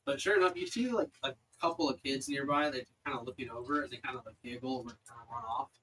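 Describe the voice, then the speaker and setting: A man's voice: mid-range voice, fast talker, fairly bright tone, slight background noise, low-quality recording. A young man narrating as dungeon master, rambling with many fillers. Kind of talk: narrating a tabletop game.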